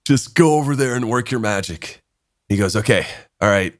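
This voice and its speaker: A young man hosting a podcast, telling a story in casual chat, animated, swearing a lot and laughing as he talks. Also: fairly low pitch, moderate pace, no echo, studio quality. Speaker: podcast host.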